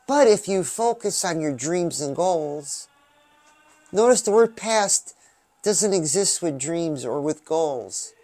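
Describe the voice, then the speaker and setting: A man giving an upbeat, preachy pep talk about dreams and goals, often breaking into drawn-out "oh yeah"s while presenting a music video. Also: on the high side, animated, a little mellow, dry recording. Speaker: music video reactor and motivational vlogger. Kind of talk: motivational talk.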